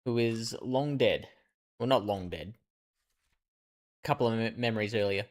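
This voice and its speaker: A man's voice: on the low side, measured pace. A male streamer giving live commentary on a game, thinking aloud and reasoning through clues.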